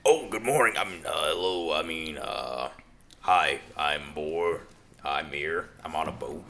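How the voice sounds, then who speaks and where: A man doing a deep, slow, befuddled adventurer. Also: lively intonation, gravelly, bright, forceful tone, slight background noise, exaggerated voice. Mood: dazed. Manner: halting, hesitant speech.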